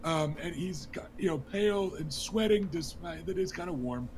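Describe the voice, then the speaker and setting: A man's voice: on the high side, animated, moderate pace, a crowd in the background. A man narrating a tabletop game as game master in a casual, joking way. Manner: casual and joking, with laughs and fillers.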